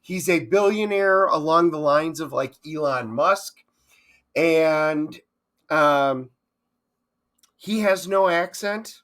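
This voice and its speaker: Male co-host, somewhat high voice, casual and blunt, quick to chime in during a movie review. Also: fairly bright tone. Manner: brief interjections and blunt opinions.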